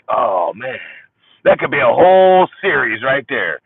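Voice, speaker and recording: An older man hosting a support group livestream, talking in an impassioned monologue that swings between loud exclaiming and hushed near-whispers. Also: mid-range voice, very animated, measured pace, vocal fry, breathy edge. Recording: tinny phone-like audio, dry.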